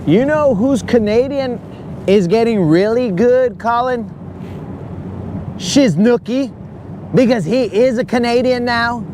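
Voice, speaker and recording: A man's voice: extremely high pitch, slow, long pauses, noisy background. A man hosting a fishing livestream from a boat, joking around in a rambling, goofy way and calling everyone bro. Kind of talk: casual joking chat. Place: on a boat on a lake, outdoors.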